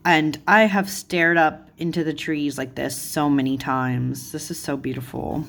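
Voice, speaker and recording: Flipping through a card deck on her tarot channel, a woman talks in a deep, fairly bright voice at a steady, slightly slow pace. She's gushing and quick to be delighted, peppering her speech with "like" and "oh my goodness."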